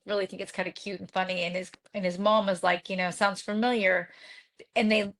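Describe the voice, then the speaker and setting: Chatty woman co-hosting a podcast. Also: medium pitch. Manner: chatty, animated, many restarts and fillers. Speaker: podcast co-host. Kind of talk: casual book discussion.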